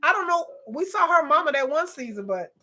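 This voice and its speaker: A woman hosting a reaction video, talking in a casual, animated and blunt way, often exclaiming and laughing as she comments. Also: high voice, brisk, noisy background.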